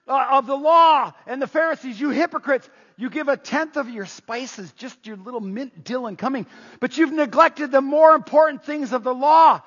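A man voicing a furious male prophet who thunders rebukes at hypocrites, stretching his shouted words. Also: extremely high pitch, pitched above the performer's own voice. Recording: muffled, long hall reverb.

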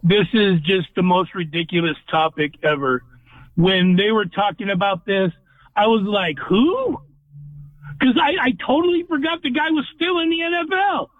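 A man's voice: high voice, fairly even intonation, normal speed, dry recording. A man calling in to a sports radio show, ranting bluntly with strong opinions. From California. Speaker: caller. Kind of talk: call-in radio talk. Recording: dry tinny phone line.

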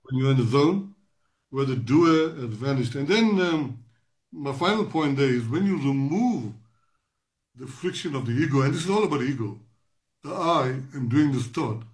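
Interview guest, man in his sixties, professorial and reflective, many ums and restarts, medium pitch. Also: animated, normal speed. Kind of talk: interview answer.

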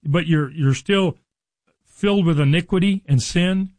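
A man preaching a sermon, reading scripture slowly and explaining it in an earnest, conversational way to his listeners. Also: on the high side, a little mellow, no echo, poor audio. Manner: addresses listeners directly.

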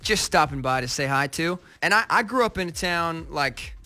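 A man's voice: a little high, animated, normal speed, pushed and bright, faint music behind. A young American man from near Seattle, chatting as a guest in a radio interview, upbeat and a bit rambling. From United States, near Seattle. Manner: upbeat, rambling, lots of ums. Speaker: guest musician. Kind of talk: casual interview chat.

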